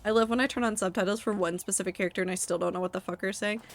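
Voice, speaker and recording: Woman streamer just chatting w chat, wry n chatty, mid pitch, bit of faint noise under the mic. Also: fairly even intonation, racing, poor audio. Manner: chatty, wry, reacting to chat with asides and profanity.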